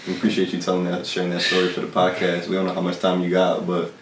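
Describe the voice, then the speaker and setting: A man's voice: sits low, monotone, fast talker, distant mic. A man co-hosting a casual chat, laughing along and prodding with short questions. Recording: echoey room, off-mic, chatter behind.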